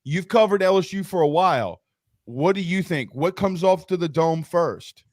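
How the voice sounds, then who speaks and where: A man, hosting a sports talk show, telling stories in an animated, joking way. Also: high voice, normal speed, no echo, studio quality.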